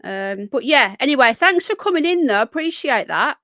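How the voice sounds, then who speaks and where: A woman's voice: high voice, animated, normal speed, a bit bright, no room sound, clean studio sound. A British woman hosting a live stream, chatting casually and rambling as she reads viewers' comments. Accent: British English. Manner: chatty, rambling, talks to chat viewers by name. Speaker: livestream host.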